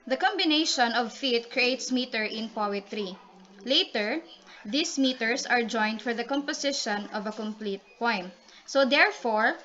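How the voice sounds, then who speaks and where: A woman with a slightly high, sharp-toned voice delivers a class report on poetry. She explains the poems and calls on classmates by name, all on a dull, lo-fi recording.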